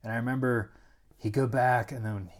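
A middle-aged man telling a story as an interview guest, rambling and animated, full of "like" and restarts, acting out other people's lines. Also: medium pitch, moderate pace. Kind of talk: casual storytelling.

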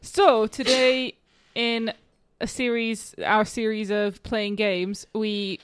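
A woman's voice: fairly high pitch, level tone, slow, background noise. A woman co-hosting a podcast in casual chat, chatty and self-deprecating, laughing often. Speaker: podcast co-host.

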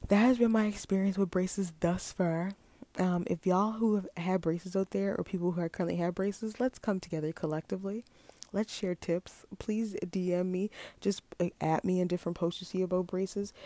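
A woman in her late twenties chats through a storytime, rambling and stacked with fillers. Her voice is gravelly and warm, with a mellow dark tone. The sound is dry and close. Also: fairly low pitch, steady tone, normal speed, no echo. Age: late 20s. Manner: chatty, rambling with many fillers. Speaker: vlogger. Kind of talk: casual storytime chat.

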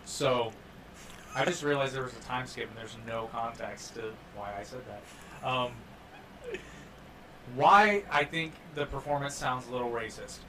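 Man, casual podcast chat, joking, animated, distant mic. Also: mid-range voice, measured pace, long pauses. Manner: animated, joking, lots of restarts. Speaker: podcast co-host. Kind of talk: casual chat and film review. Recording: distant mic, faint room noise.

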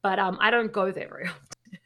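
A woman's voice: medium pitch, steady tone, fairly quick, fairly bright tone. A woman in her thirties chatting casually on a podcast, blunt and sweary, with lots of fillers. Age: 30s. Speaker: podcast co-host.

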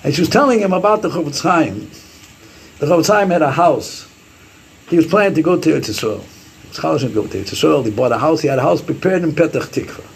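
Animated, gravelly-voiced man teaching Torah. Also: a little high, fast, slight background noise. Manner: animated, quotes Hebrew sources and acts out sayings. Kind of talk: Torah class lecture.

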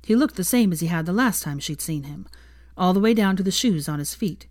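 A woman reading fan fiction aloud in a calm, even storytelling manner. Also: lowish voice, a little fast, no echo, clean studio sound.

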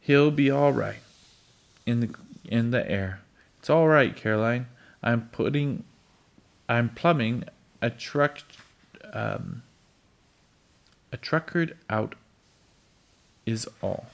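A man reading a calm, reassuring pioneer father's lines aloud, slowly and haltingly. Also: mid-range voice, creaky. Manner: slow halting read-aloud delivery.

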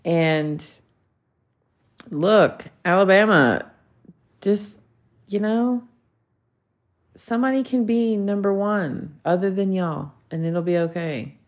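A woman's voice: mid-range voice, takes it slowly, long pauses. A woman, hosting a solo podcast rant, blunt, heated and full of swearing. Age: 40s. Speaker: podcast host.

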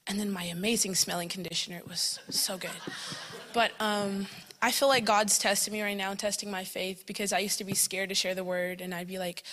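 A woman's voice: mid-range voice, fairly even intonation, a little fast, fairly bright tone, slight background noise. A young woman casually sharing a testimony about camp, chatty and full of fillers like "like" and "um", often breaking into laughter. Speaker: camp attendee giving a testimony.

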